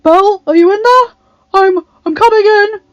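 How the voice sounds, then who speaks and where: A frantic young beast prince who pleads and cries out in a high, strained voice, as a woman reads him in a storybook. The sound is slightly dull and muffled. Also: normal speed, no echo, soft background music. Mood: anxious.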